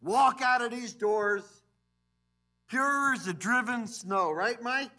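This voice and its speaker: A man preaching a sermon as pastor in a church, animated, swinging between loud emphasis and quiet asides. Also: very high voice, slow. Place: church sanctuary.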